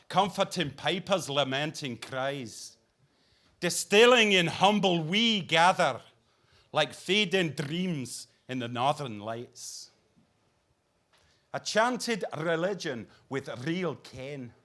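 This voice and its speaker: A man's voice: fairly high pitch, sharp tone, full character voice. A man reciting his verse in a put-on Scottish accent with rolling R's and a sing-song lilt.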